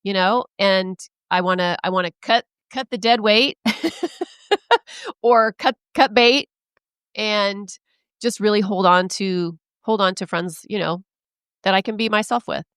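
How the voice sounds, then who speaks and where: A woman's voice: medium pitch, slow, fairly bright tone, smooth, dry recording, studio quality. A middle-aged woman co-hosting a podcast, affirming her partner with frequent "yeah"s and speaking about friendship in a heartfelt way. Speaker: podcast co-host. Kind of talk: casual chat.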